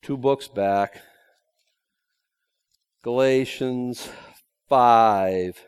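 A man's voice: medium pitch, extremely slow, clean tone. A man preaching a verse-by-verse sermon in a conversational way, with joking asides and emphatic repetition. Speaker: pastor. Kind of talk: expository sermon.

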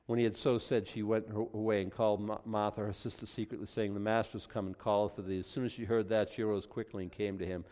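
A man preaching a sermon, reading scripture aloud and commenting on it, at times building to loud, emphatic passages. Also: on the low side, level tone, quick pace, few pauses, big-room sound.

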